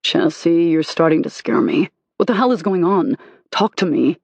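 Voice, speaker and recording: An audiobook narrator voicing a possessive, tender adult husband with low, commanding murmurs. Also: moderate pace, vocal fry, slightly rough, no echo. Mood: worried.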